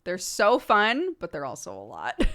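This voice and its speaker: A woman streamer in her thirties talks casually with her chat. Her pitch swoops up and down a lot, and she rambles along and laughs often. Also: huge pitch swings, takes it slowly, fairly bright tone. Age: 30s.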